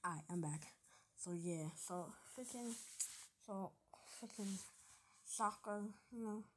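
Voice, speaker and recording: A woman's voice: mid-range voice, a little slow, fairly bright tone, slight background noise. A woman casually retelling a fan story, rambling with lots of fillers and joking asides.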